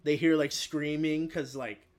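A young man co-hosting a podcast, retelling a movie in casual chat with lots of "like" and loud acted-out voices. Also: a little high, fairly even intonation, measured pace. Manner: frequent filler "like". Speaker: podcast co-host.

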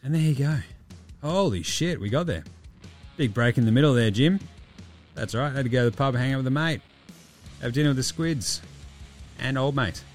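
A man's voice: medium pitch, normal speed, long pauses. An Australian man in his thirties hosts a basketball podcast. He talks in a loose, rambling way and swears constantly, and he sounds a bit tipsy. Faint music sits in the background. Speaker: podcast host. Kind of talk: casual podcast chat.

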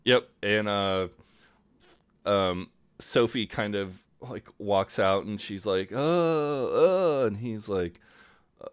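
Male podcast co-host, low voice, dry close mic, laid-back recap with fillers. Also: slow, smooth, dry recording. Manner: relaxed, many fillers, acts out quotes. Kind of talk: casual chat recapping a show.

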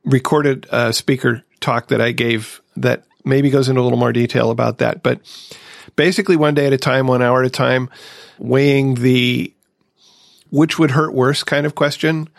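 Man, podcast host, gravelly voice, dry close sound, reflective casual chat. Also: mid-range voice, fairly even intonation, moderate pace, dry recording. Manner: reflective, personal sharing.

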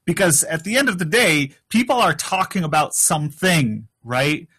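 Man chiming in, slightly higher voice. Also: expressive, fairly bright tone, husky. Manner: chimes in with quick agreements and examples. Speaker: podcast co-host. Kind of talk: casual behind-the-scenes chat.

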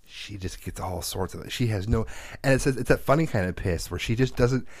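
A man in his thirties tells family stories in a relaxed chat. He swears freely and jumps into the voices of the people he quotes. The sound is close and dry, with no room around it. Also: lowish voice, brisk, dry recording. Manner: profane, animated storyteller who acts out quotes. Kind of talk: casual storytelling chat.

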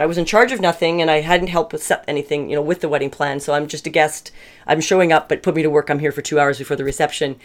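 A middle-aged woman talks through a personal story in a frank, chatty manner. Her voice sits a little low, and she often breaks off and restarts her sentences as she goes. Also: steady tone, quick pace. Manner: chatty and candid, self-described bossy, frequent restarts.

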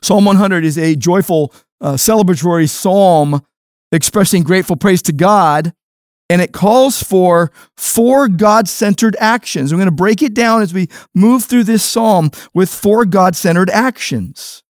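A man preaching a sermon as pastor, emphatic, shifting between quiet low phrases and raised stressed words. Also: unhurried, dry recording, studio quality.

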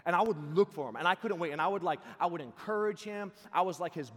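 A man giving an energetic sermon full of personal stories, his voice ringing in a large hall. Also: high voice, fast. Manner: energetic, shifts into loud excited voices for quotes. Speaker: youth camp speaker. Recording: long reverb of a large hall.

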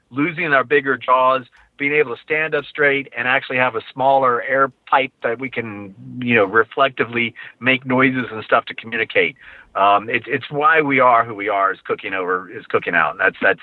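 An enthusiastic man rambles on about his collection, often restarting his sentences. He sounds like he is on a narrow, phone-like line with a dry sound and no room echo. His pitch is mid-range. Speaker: guest, barbecue grill and book collector. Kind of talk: casual podcast conversation.

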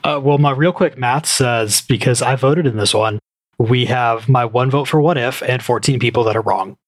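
A man's voice: mid-range voice, normal speed, no echo. Joking male podcast co-host, dry sound. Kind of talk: casual podcast chat.

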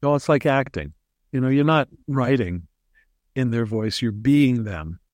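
A man being interviewed as a ghostwriter, telling animated stories with frequent restarts. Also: medium pitch, unhurried, no room sound, studio quality. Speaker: ghostwriter guest. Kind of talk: casual interview storytelling.

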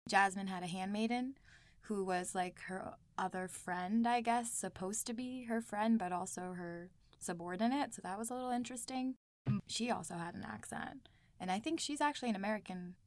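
A woman's voice: mid-range voice, moderate pace, no room sound. A woman from South Asia hosting a casual discussion, thinking aloud and restarting her sentences often. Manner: hesitant, fills with "like" and rewinds mid-thought.

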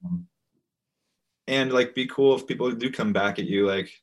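A man's voice: medium pitch, normal speed, creaky. A man co-hosting a podcast, telling stories in an easygoing, self-deprecating way. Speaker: podcast co-host. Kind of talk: casual chat.

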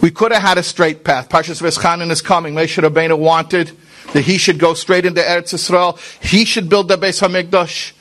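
Earnest rabbi with a slightly high voice. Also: male voice, flat delivery, brisk, fairly bright tone. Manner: earnest, talks straight to listeners with rhetorical questions; mixes in Hebrew and Yiddish religious terms. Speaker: rabbi giving a Torah class. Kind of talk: conversational sermon.

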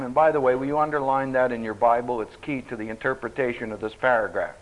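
A man's voice: mid-range voice, fast, hardly any pauses. A man teaching a Bible study, speaking emphatically with a dry humor, on a dull lo-fi recording. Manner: emphatic, animated, dryly humorous.

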